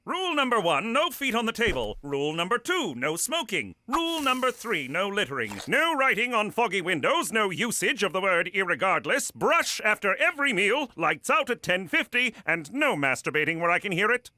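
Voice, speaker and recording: Brief: prissy rule-listing cartoon host, high and very sing-song. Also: male voice, sing-song, pushed and bright, slight background noise, heavily acted. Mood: prim. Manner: prissy, fastidious. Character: fussy, prim male host laying down house rules.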